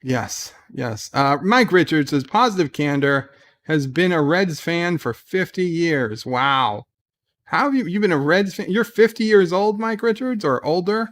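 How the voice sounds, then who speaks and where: Chatty man with a higher voice. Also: animated, unhurried, fairly bright tone. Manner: chatty and rambling, with frequent "uh" and restarts. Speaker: livestream host. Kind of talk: casual livestream chat, reading viewer comments aloud. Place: at home in bed.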